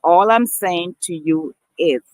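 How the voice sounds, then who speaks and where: A woman's voice: on the low side, takes it slowly, no echo, poor audio. A woman vlogger talking earnestly to camera, emphatic and repeating herself as she addresses her viewers as people. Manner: repeats and restarts phrases. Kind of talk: casual talk to camera.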